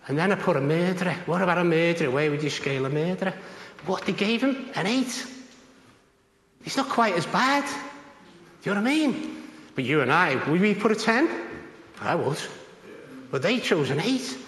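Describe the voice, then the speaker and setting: A man's voice: moderate pace, pauses often. A man, a prison chaplain, telling a story in conversation and acting out the voices of the people in it. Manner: animated, acts out others' voices with big pitch jumps. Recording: echoey room with long reverb.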